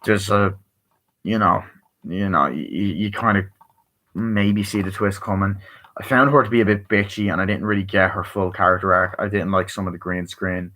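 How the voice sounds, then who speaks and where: A man's voice: sits low, steady tone, normal speed, sharp tone. A tired man giving a rambling, casual movie review, swearing a lot and using many fillers.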